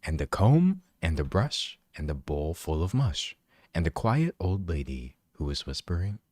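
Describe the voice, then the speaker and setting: A soft, hushed bedtime storyteller, as a man puts on his audiobook voice, dropping well below his usual speaking pitch. The reading is low and gentle. The sound is dry and close. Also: very animated, unhurried, breathy edge, dry recording, exaggerated voice. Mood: soothing. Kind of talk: bedtime story read-aloud.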